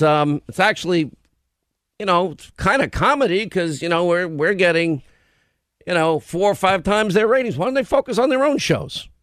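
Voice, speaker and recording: A man's voice: high voice, a bit bright, no echo. Combative male talk radio host, dry close mic. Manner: combative and sarcastic, rattles off lists. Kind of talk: opinionated radio talk monologue.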